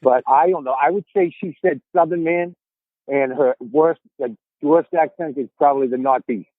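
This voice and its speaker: A man's voice: on the high side, moderate pace, dry recording, narrow, tinny audio. A man in his fifties with a Boston accent, a podcast guest telling stories in a casual, rambling way and often repeating his words as he starts a sentence. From Boston area, USA. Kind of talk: casual storytelling chat.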